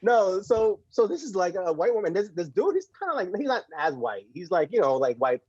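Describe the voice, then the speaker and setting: A man's voice: high voice, fast, breathy edge, no room sound. A man from Puerto Rico chats as a podcast guest, racing through his stories in a slightly raised voice. He laughs often and restarts words as he goes. The sound is dry and a bit dull. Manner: animated storyteller, laughs often, repeats words. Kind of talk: casual conversation.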